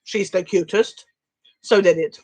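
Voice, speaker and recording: A woman from Switzerland co-hosting a live stream in casual chat, talking quickly with lots of fillers. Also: medium pitch, a little mellow, slightly rough, no echo, poor audio.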